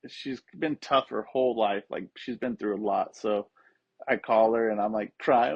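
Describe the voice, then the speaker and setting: Husky-voiced man telling a story. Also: medium pitch, animated, normal speed, no echo. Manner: swears freely, acts out quoted voices. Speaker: podcast guest, skateboarding coach. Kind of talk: casual storytelling. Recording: dull, lo-fi sound.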